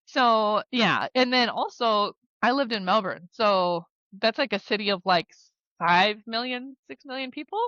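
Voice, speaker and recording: A woman's voice: on the high side, lively intonation, unhurried, hardly any pauses, fairly bright tone, no echo. A woman in her thirties from South Dakota with a Midwestern American accent, telling stories in a casual podcast interview, full of "like" and "you know" and easy laughs. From South Dakota, USA. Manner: chatty, lots of "like" and "you know", laughs easily. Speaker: podcast guest, former basketball player and therapist. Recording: slightly dull dry podcast audio.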